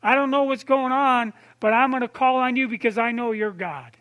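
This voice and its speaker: A man delivers a sermon in a chatty, storytelling way, calling on listeners and asking them questions. His voice sits very high and sounds bright and forceful. At tender moments he drops to a soft, low tone. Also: normal speed, highs cut off. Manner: conversational preaching, addresses listeners by name, asks questions. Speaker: pastor.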